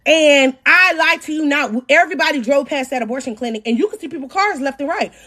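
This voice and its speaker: A woman in her thirties, casually telling a story to her audience, animated, with her voice swinging from low mutters to loud outbursts. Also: quick pace. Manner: talks to her audience directly. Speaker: storytelling podcast host.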